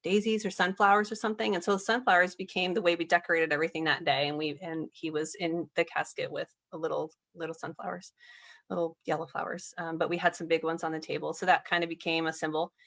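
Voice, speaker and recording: A young woman guest on a podcast, talking earnestly and laughing softly as she tells her story. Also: deep voice, steady tone, fast, vocal fry. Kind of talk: casual podcast conversation.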